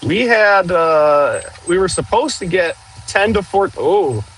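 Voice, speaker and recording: A man hosting a casual outdoor livestream, chatting and joking with viewers while clearing trees with a machine. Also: high voice, animated, slow pace, fairly bright tone, rough recording. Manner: chatty, jokey, talks to viewers while working. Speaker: livestream host.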